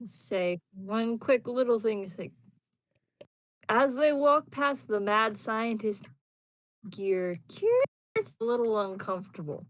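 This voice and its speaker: A woman player in a tabletop game talks softly through voice chat, taking her time over each phrase. The sound is dry and close, from a home microphone. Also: a little high, takes it slowly, no room sound.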